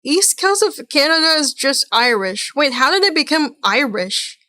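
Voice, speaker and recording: A woman's voice: sits high, expressive, normal speed, bright, forceful tone, dry recording. A woman streaming a reaction to a video, chatting casually in a rambling, blunt way and swearing now and then.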